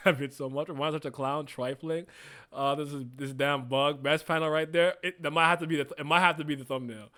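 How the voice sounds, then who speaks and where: A man giving casual, slangy reaction commentary, excitable and laughing often, jumping into high yelps and exclamations. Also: a little fast. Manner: slangy and profane banter. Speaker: webcomic reaction host.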